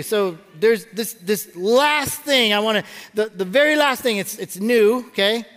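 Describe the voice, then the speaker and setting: A middle-aged male pastor with a high voice preaches a sermon, mixing humorous stories with his message and often restarting mid-phrase. His delivery is lively and conversational. The sound carries the long reverb of a large church auditorium. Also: a little slow. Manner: animated storytelling with frequent stammered restarts and jokes.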